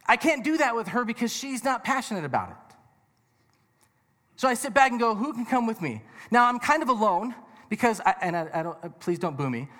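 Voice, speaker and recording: A man's voice: high-pitched, bright, forceful tone. A man preaching a sermon to a live audience in a conversational, joking way, full of rhetorical questions. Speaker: pastor. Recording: reverberant hall.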